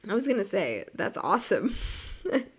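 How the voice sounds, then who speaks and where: A young woman from the United States, an art streamer, chats casually while drawing on her livestream, reading viewer messages aloud and rambling with plenty of "like" and little laughs. Her husky voice is medium-pitched with big swings in pitch, and her pace is moderate.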